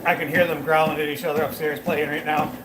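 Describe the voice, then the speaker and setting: A man's voice: on the high side, level tone, fast, reverberant, background noise. A man livestreaming as he walks on a treadmill, talking loosely to his viewers with lots of fillers. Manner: loose and rambling, many fillers. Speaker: fitness livestreamer. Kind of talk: casual chat while working out, talking to viewers.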